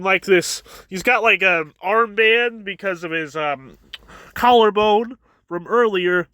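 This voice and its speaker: A man giving a casual chapter review, excitable, often repeating words as he restarts. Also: sits high, clear, resonant tone, no echo. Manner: stammering restarts, chuckling, excitable.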